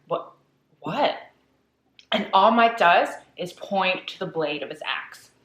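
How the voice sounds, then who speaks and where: Chatty woman in an echoey room. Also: fairly low pitch. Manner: chatty, animated retelling. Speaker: vlogger telling a horror story. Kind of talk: casual storytelling while eating.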